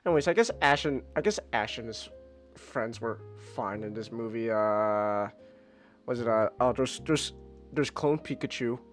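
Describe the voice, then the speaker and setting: A man hosting a casual podcast, ranting in an animated, exasperated way with mocking asides. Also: mid-range voice, moderate pace, faint music behind. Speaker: podcast host. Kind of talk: casual chat. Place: home streaming setup.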